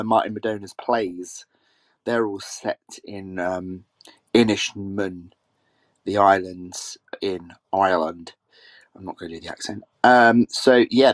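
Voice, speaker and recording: A man's voice: mid-range voice, dry recording. A man hosting a podcast in a chatty, rambling way, often correcting himself. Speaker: podcast host. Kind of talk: casual solo podcast chat.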